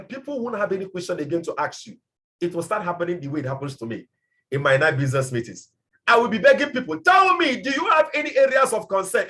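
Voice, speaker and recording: A man's voice: high voice, a bit bright. A man giving a passionate motivational training talk as a business mentor, emphatic and repeating his points.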